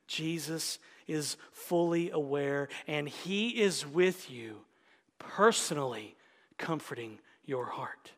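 Pastor, male, high-pitched, unhurried, loud emphasis dropping to near-whispers, long church reverb. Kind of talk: sermon.

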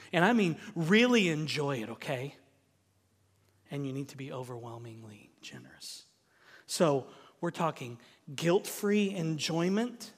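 Emphatic Southern pastor preaching. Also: male voice, on the high side, in a large hall. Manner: emphatic, repeats key phrases for stress. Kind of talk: sermon. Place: church.

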